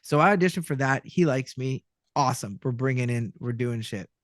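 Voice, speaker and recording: A man's voice: medium pitch, a little fast, no echo, studio quality. A middle-aged man from Canada, a voice actor telling stories in a casual interview and acting out the voices and lines he quotes. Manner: animated storyteller who acts out voices and quotes. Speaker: guest voice actor.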